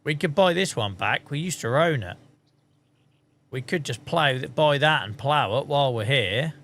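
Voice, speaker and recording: A man's voice: medium pitch, animated, normal speed, a bit bright. A man chatting casually on a live stream as he plays a farming game, muttering, joking and swearing. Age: adult.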